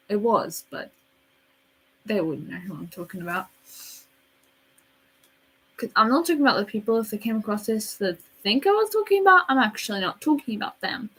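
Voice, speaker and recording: A teenage girl chatting casually in a storytime vlog, rambling and dramatic, with quiet asides. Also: mid-range voice, slightly rough, rough recording. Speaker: vlogger.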